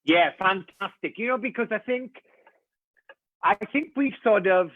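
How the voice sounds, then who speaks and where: A man's voice: high voice, measured pace, no echo, phone-quality sound. A cheerful, chatty man with a Welsh accent, a bit congested from hay fever, chatting as co-host. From Wales. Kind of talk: casual chat.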